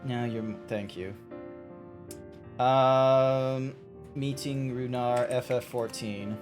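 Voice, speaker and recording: A man's voice: medium pitch, steady tone, very slow, darkish tone, soft background music. Young Australian man, loose chatty streamer who rambles, restarts and swears, mid-range voice. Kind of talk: casual game-stream chat.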